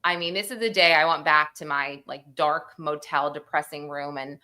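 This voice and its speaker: A woman's voice: deep voice, moderate pace. A woman host recapping a court hearing on a livestream, emotional and close to tears, acting out the lines of people in court. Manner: tearful, animated, acts out courtroom quotes. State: crying, sniffly. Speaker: true crime show host.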